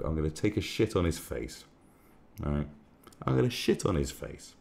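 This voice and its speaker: A man's voice: very deep voice, big pitch swings, moderate pace, gravelly, darkish tone. A man hosting a live stream, ranting sarcastically and swearing a lot in casual commentary. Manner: crude, sarcastic, swears often.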